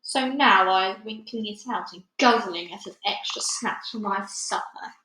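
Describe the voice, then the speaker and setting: A woman doing a booming brutish giant. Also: roomy sound, natural voice, low-quality recording. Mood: bullying. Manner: booming, slow, shouting. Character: huge brutish male giant, bullying and greedy.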